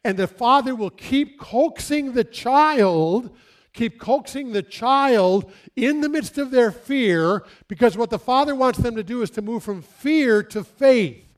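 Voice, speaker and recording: High-pitched male pastor preaching outdoors, acts out his stories. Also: a little slow. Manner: animated, acts out stories and quotes. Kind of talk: sermon. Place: outdoors near trees.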